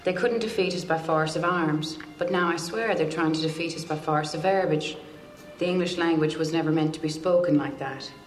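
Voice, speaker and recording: A man's voice: on the high side, a little fast, close to an everyday voice. An actor plays a scornful young man with an attempted Irish accent. The film clip is echoey, with faint music under it.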